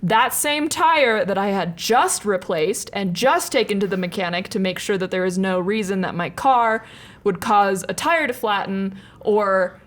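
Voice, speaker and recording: A woman's voice: mid-range voice, lively intonation, measured pace. A young woman co-hosting a podcast, telling a long, rambling story in casual chat and often laughing at herself. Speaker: podcast co-host.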